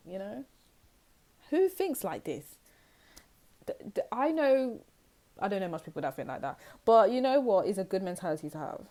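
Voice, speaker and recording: A woman's voice: mid-range voice, big pitch swings, moderate pace, pauses often, mellow. A young woman from the United Kingdom giving a casual tarot reading, chatty and rambling, acting out little scenes as she explains. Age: young adult. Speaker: tarot reader.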